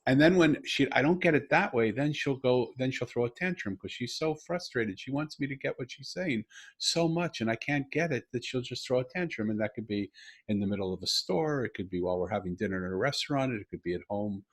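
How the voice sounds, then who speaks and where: A middle-aged man hosting a podcast over a video call, telling an intimate story earnestly with halting restarts and bursts of emphasis. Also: mid-range voice, expressive, slightly rough. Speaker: podcast host. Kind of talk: conversational storytelling.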